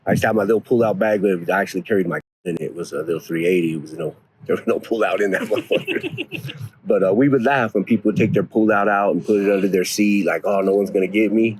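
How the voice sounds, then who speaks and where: A man in his forties from North Denver, telling rough stories from his past in casual, profane street slang. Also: lowish voice, big pitch swings, fast. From North Denver, USA. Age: 40s. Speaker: interviewee. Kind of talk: casual storytelling.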